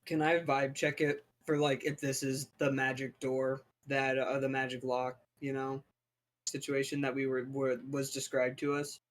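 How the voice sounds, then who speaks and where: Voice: medium pitch, little pitch movement, normal speed, slight background noise. A player in a tabletop game, asking hesitant questions full of fillers. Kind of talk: casual tabletop play.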